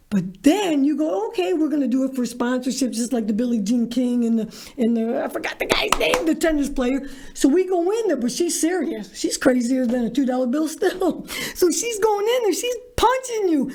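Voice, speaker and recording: High-pitched woman guest, loud and theatrical, acting out a story. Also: expressive, moderate pace. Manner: brash, theatrical, acts out voices. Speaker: guest, filmmaker. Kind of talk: animated storytelling.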